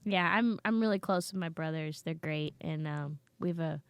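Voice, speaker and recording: A woman's voice: sits low, normal speed, clean tone, no room sound. A woman comedian telling stories in a casual chat, acting out her family's lines. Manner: animated, acts out family members' lines. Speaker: comedian guest. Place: basement studio.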